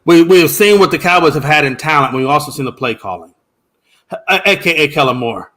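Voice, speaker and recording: A man co-hosting a sports talk show, arguing his point with emphatic, animated delivery that jumps up at times. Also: a little high, brisk. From United States. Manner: animated, emphatic, rising to shouts. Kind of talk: casual sports debate.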